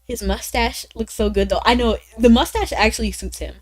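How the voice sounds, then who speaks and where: A woman streaming a game, chatting casually with viewers in a bubbly way, with sudden high exclamations. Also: normal speed, poor audio. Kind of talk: casual gaming stream chat.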